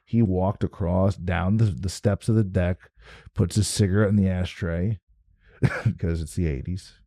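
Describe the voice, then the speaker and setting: Low mellow-voiced jersey guy rambling a story, swears a lot, dry close sound. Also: fairly even intonation, a little slow, dry recording. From New Jersey. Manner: profane, rambling, with many restarts. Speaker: guest. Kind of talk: casual storytelling.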